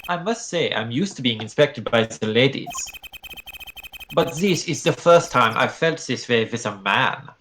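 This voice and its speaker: A woman's voice: rumbling low, lively intonation, unhurried, fairly bright tone, a little hiss or hum, heavily acted, poor audio. A woman doing a suave flirty rock-star prosecutor with a German accent. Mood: flirtatious. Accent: put-on German. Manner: suave, teasing.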